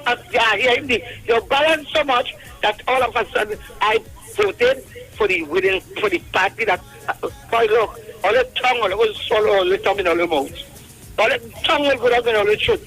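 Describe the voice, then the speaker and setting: A man's voice: very high voice, big pitch swings, brisk, creaky, a bit bright, slightly rough, faint music behind, poor audio. A man with a Trinidadian accent calling in to a radio show, rambling and preachy, quoting scripture over the phone. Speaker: radio call-in caller. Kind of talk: impassioned call-in talk.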